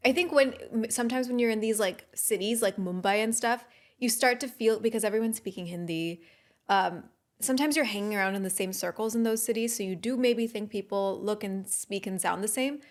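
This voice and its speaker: A woman co-hosting a podcast who talks thoughtfully and often pauses to search for words. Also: mid-range voice. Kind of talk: casual podcast chat.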